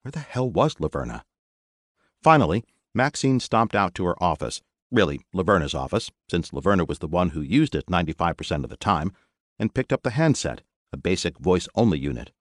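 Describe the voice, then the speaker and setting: A man reading an audiobook with expressive storytelling narration. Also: sits low, a little fast, no echo, studio quality. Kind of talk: scripted narration.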